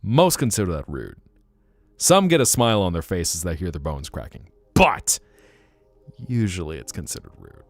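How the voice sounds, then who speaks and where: Deep gravelly man, swinging wildly in pitch. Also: sing-song, normal speed, dry recording. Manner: playful, teasing, reacts to chat. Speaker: streamer. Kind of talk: casual live-stream chat. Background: faint guitar music.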